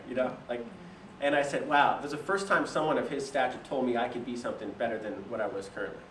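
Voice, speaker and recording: A man's voice: mid-range voice, fast, hardly any pauses, a little hiss or hum. A young man telling a story in a casual way, laughing often and acting out what other people said. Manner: animated, laughs often, quotes people in voices. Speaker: speaker telling his business story. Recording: roomy echo from a distant mic.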